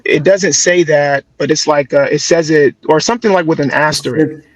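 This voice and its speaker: A man on a video call, talking in a friendly, halting way with many restarts. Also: a little high, dry recording, rough recording. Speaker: participant in a call. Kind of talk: casual chat.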